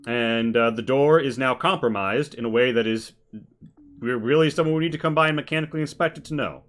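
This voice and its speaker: A man's voice: mid-range voice, a little fast, a bit bright. A man running a tabletop role-playing game as game master, mixing casual rules talk and narration with many fillers.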